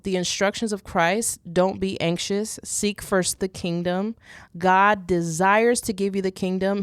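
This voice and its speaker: A woman's voice: on the low side, clear, resonant tone, no echo, studio quality. A young woman hosting a faith podcast, talking earnestly and casually, with many restarts and rhetorical "right?"s. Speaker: podcast host.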